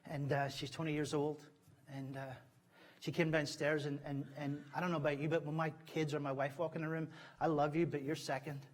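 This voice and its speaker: A middle-aged man preaching as a guest speaker in a church, heartfelt, moving between loud stories and hushed moments. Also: a little high, little pitch movement, a little fast. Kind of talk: sermon. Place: church sanctuary.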